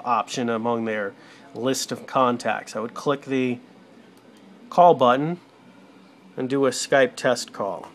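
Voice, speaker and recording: Guy at his desk doing a casual tech tutorial, mid-pitch voice, drifts closer and farther from his desk mic. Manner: practical step-by-step instructions. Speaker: tutorial presenter for a radio show. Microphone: desktop USB microphone, moving toward and away from it.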